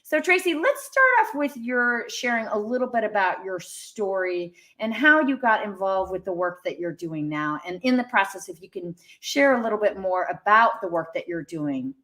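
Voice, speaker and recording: A woman's voice: medium pitch, lively intonation, normal speed, hardly any pauses, a bit bright. A woman hosting a live online interview, asking reflective, curious questions. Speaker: host.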